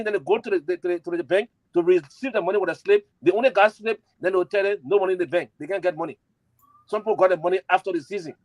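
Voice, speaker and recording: A man making an impassioned fundraising appeal, repeating himself and spelling out letters slowly. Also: high-pitched, no echo, poor audio. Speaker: campaign supporter and fundraiser.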